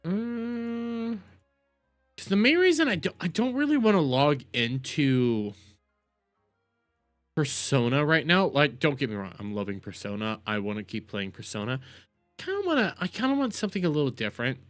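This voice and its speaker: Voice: medium pitch, big pitch swings, moderate pace, dry recording, faint music behind. A streamer chatting live while reacting to clips, rambling, repeating themselves, stammering and laughing often.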